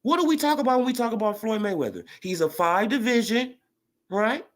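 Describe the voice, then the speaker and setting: A man's voice: sits high, fairly quick. Guy w ranting on a boxing vlog, voice swinging way up and down, swears a lot. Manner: animated, profane, rising to excited rants. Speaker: boxing commentator vlogger. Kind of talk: casual monologue.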